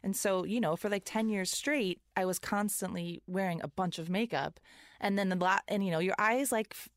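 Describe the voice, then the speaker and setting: A woman's voice: mid-range voice, moderate pace, dry recording. Easygoing texas woman chatting, self-deprecating, dry close sound. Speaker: guest. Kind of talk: casual chat.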